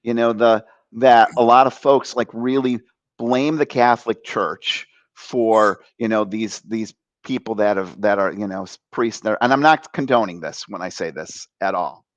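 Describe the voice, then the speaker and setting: A man in his fifties, a guest author and coach, telling a personal story with lively acted-out voices and sound effects. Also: fairly low pitch, moderate pace, no echo, muffled recording. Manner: animated, acts out voices with bursts of sound effects; frequent fillers and restarts, laughs while telling.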